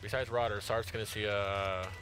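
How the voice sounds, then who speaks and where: Tired excitable male gamer over music. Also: lowish voice, normal speed. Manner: excitable, slangy, yelps and squeals when startled. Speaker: gaming streamer. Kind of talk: live gameplay commentary.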